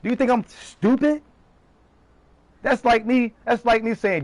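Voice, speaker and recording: A man streaming live, ranting heatedly and profanely in quick bursts. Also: very high voice, no room sound.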